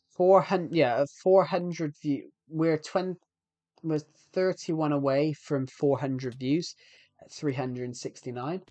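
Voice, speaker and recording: A man's voice: fairly high pitch, fairly even intonation, takes it slowly, darkish tone, no echo. A man live-streaming a game, chatting casually with viewers and often restarting sentences.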